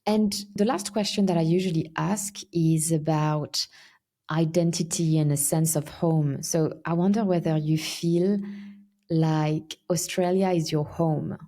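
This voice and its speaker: A woman hosting a podcast, asking questions in a warm, conversational way. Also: low-pitched, steady tone, measured pace. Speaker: podcast host. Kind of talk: podcast interview.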